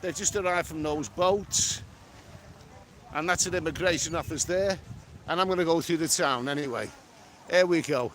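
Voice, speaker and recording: A man's voice: a little high, normal speed, pauses often, a bit bright, slight background noise. Sniffly man vlogging live on a beach. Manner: chatty, reads out viewer comments and answers them. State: has a cold, sniffly. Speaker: travel vlogger. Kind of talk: live-stream walking vlog. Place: outdoors on a tropical island beach and town.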